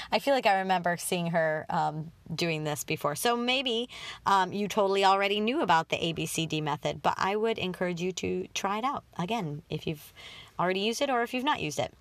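A woman's voice: lowish voice, a bit bright, no room sound. Chatty young woman, dry close sound. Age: 20s. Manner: chatty, self-deprecating, many fillers. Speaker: podcast host. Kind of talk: casual self-help talk.

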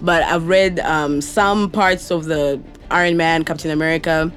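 A woman co-hosting a podcast in casual chat, animated and laughing often. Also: deep voice, normal speed, faint music behind. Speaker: podcast co-host.

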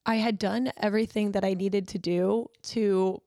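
A woman's voice: mid-range voice, fairly even intonation, normal speed, warm tone, no echo, studio quality. A woman in her twenties co-hosting a podcast, telling candid stories and laughing often. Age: 20s. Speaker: podcast co-host. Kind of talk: casual chat.

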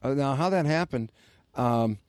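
A man's voice: medium pitch, unhurried, darkish tone, no echo. An older man and former radio host, telling rambling stories in casual podcast chat with many fillers.

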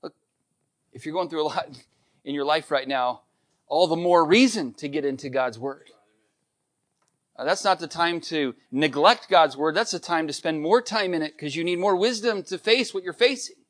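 A man's voice: a little high, normal speed. A middle-aged man preaching a sermon, earnest and emphatic, repeating key points. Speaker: pastor.

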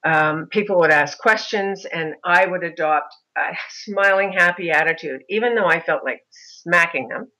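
A middle-aged woman, a mother of a son with a disability, telling her story in an interview in an animated way. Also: lowish voice, moderate pace, hardly any pauses, poor audio. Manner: animated, mimics other voices in anecdotes.

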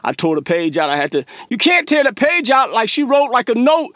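A man's voice: very high voice, big pitch swings, fairly quick, a bit bright, no room sound, studio quality. A man hosting a podcast, telling stories in a casual, slangy way, acting out his own past remarks and laughing at himself. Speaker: podcast host. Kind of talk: casual storytelling monologue.

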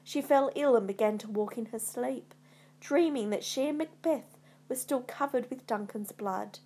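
A woman reading a retold classic tale aloud as a storyteller, in a measured storybook manner. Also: on the high side, dark tone, breathy edge.

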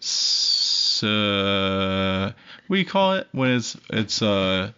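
A man's voice: lowish voice, big pitch swings, extremely slow, bright, forceful tone, smooth. A young man co-hosting a podcast, rambling and joking with plenty of swearing, sharing one microphone with his co-host. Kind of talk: casual podcast banter. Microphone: one shared microphone. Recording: dull lo-fi sound.

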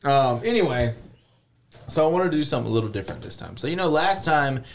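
A man's voice: medium pitch, big pitch swings, fast talker, a little hiss or hum. A man hosting a casual comedy podcast, rambling, laughing often and swearing freely in a small room. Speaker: podcast host.

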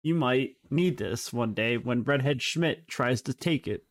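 A man's voice: mid-range voice, unhurried. A man co-hosting a podcast, reading prepared facts in casual, joking banter with his co-host. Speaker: podcast co-host presenting trivia.

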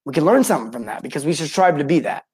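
A man's voice: a little high, very fast, breathy edge. Fired-up man coaching plumbers live. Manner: energetic, talks to viewers by name, acts out customer lines. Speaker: podcast host and plumbing sales coach. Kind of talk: live-streamed coaching talk.

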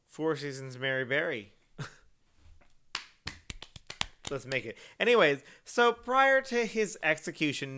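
A man's voice: medium pitch, pushed and bright, slight background noise. A man hosting a casual true-crime podcast, chatty and joking, with many fillers and restarts. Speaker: podcast host.

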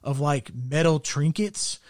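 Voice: mid-range voice, slow, no room sound, clean studio sound. Rambling, profane show recapper. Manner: rambling, profane storytelling with frequent "like" and restarts. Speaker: podcast co-host. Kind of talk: casual chat recapping a show.

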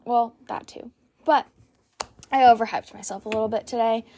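Young female solo podcast host, hyped and giggly, rambles, slightly high pitch. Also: fairly even intonation, normal speed, dark tone, slight background noise. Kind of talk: solo casual chat.

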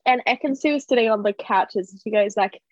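A woman's voice: a little high, a little fast, no room sound. A woman guest on a podcast, chatting casually and recapping reality TV scenes with lots of fillers. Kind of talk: casual chat. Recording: dull lo-fi podcast audio.

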